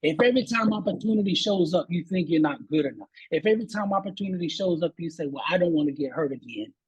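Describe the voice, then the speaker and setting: A man's voice: fairly high pitch, fast, husky, low-quality recording. A man speaking as a motivational guest, telling a sales story with rising energy, repeating words and preaching about persistence. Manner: animated, preachy, repeats words when fired up.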